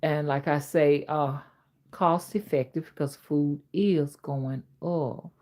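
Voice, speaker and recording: A woman's voice: deep voice, fairly even intonation, slow pace, warm tone. A middle-aged woman with an old Southern drawl, chatting casually on a livestream, reading out viewer comments and laughing easily. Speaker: livestream host.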